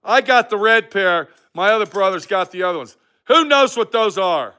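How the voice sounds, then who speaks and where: A man's voice: high-pitched, expressive, normal speed, bright, forceful tone. An older man ranting profanely to live-stream viewers from his workshop, answering their comments combatively. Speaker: livestream host. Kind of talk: angry live-stream rant.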